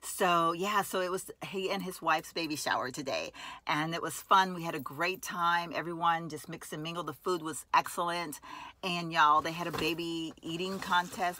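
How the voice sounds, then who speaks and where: A woman's voice: lowish voice, pushed and bright, slight background noise. A woman chatting casually to her viewers while vlogging from her car, calling them y'all. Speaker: lifestyle vlogger. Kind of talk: casual vlog chat. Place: inside a car.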